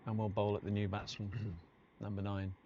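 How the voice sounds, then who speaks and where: A man commentating on a cricket match, chatty and anecdotal in a relaxed way. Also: on the low side, normal speed. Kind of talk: live sports commentary. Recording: dull lo-fi stream audio with faint noise.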